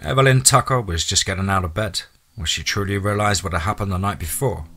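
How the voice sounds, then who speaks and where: Low bright-voiced male storyteller. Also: fairly quick, husky. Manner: steady storytelling. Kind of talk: reading a horror story aloud. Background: faint music.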